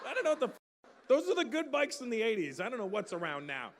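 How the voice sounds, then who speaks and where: A middle-aged man works a live audience, his voice pitched a little high for a man. He swears freely and tells animated stories. The sound rings out with a long hall reverb, and a faint murmur of ambience sits underneath. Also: brisk, a little hiss or hum. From Canada. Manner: animated storytelling, swears freely, chats with the crowd. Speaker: stand-up comedian. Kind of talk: live stand-up set. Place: large live venue on stage.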